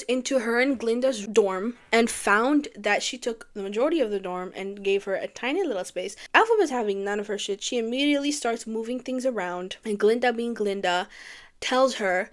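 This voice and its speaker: A woman giving a casual, chatty film commentary, gushing and swinging between excitement and wistfulness. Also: fairly high pitch, normal speed. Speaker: YouTuber reviewing a film musical.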